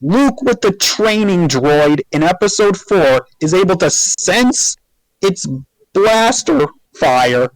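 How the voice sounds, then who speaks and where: A man on a podcast with a high voice, dry and close to the mic. He speaks slowly and emphatically, with sarcasm and casual swearing. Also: very animated, no room sound, poor audio.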